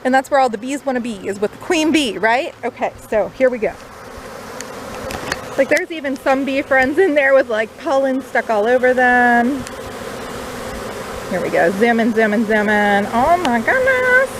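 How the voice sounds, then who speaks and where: A chatty woman talks through her beekeeping on a camera mic outdoors. Her voice sits a little high, with lots of easy fillers. Faint insect buzzing and outdoor noise run behind her. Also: moderate pace, pauses often. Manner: chatty, upbeat, uses many fillers. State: out of breath. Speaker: new beekeeper. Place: outdoors by beehives.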